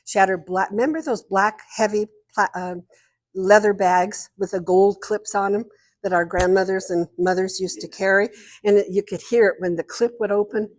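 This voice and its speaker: A woman's voice: mid-range voice, fairly even intonation, normal speed. A woman giving a talk as guest speaker at an art society, telling a chatty, meandering story and often interrupting herself.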